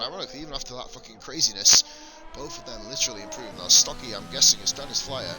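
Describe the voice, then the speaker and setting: A man's voice: mid-range voice, wildly swooping pitch, racing, over music. A man from England with a slight lisp, giving blunt, sweary live commentary on a sim racing stream into a desk mic.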